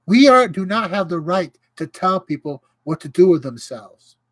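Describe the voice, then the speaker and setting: A man's voice: high-pitched, animated, moderate pace, no room sound, poor audio. Fired-up man ranting on a livestream. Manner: impassioned, indignant, greets viewers mid-rant. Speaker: livestream host. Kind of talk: casual livestream rant.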